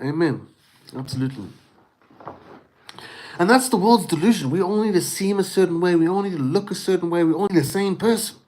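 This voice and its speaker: A man's voice: fairly high pitch, darkish tone. A man talking straight to his livestream in a casual, rambling rant, swearing freely and calling the listener "dude" and "bro". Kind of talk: casual ranting monologue.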